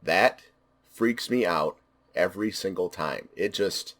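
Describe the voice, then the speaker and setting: A man talks through a film in a loose, unscripted review. His voice sits on the lower side, and he leans on repeated words to stress what he loves. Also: slow, fairly bright tone. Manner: enthusiastic, emphatic repetition. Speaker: movie reviewer. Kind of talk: casual spoken film review.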